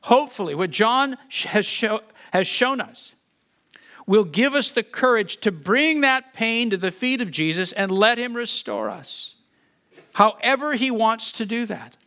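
A man's voice: high-pitched, animated, measured pace, pushed and bright. A man preaching a sermon as pastor, earnest and often repeating words as he builds emphasis, then leading a prayer.

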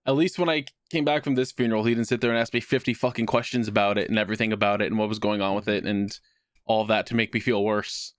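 A man on a podcast, telling a personal story in casual chat with a wry tone and quick put-on voices for other people. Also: fairly low pitch, steady tone, no room sound, studio quality. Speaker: podcast co-host.

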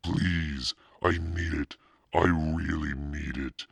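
Man reading pleading preteen girl, eager, gushing, audiobook, low gravelly voice, dry close sound. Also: a little slow, fairly bright tone, no echo, exaggerated voice. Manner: breathless, begging, gushing.

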